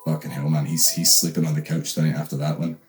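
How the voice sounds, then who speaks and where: A man's voice: extremely low pitch, little pitch movement, fast, darkish tone, faint music behind. A young Scottish man hosting a comedic book recap, rambling with lots of fillers and swearing. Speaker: host.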